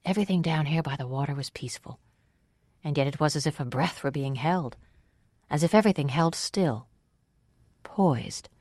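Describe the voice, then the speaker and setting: An audiobook narrator reading a novel in first person with measured, even storytelling. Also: mid-range voice, no echo, clean studio sound. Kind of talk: scripted narration.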